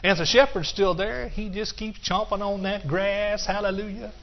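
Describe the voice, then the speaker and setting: Middle-aged man, preacher, sermon, high voice, sings lines, calls to the congregation, dull muffled audio. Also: fairly even intonation, normal speed, slight background noise. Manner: bursts into song and laughter, calls out to the congregation.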